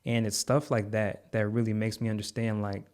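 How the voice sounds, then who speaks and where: Man, fairly low voice, podcast guest, earnest storytelling, heartfelt, fillers and repeats. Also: level tone, normal speed, a little mellow. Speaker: podcast guest, content creator.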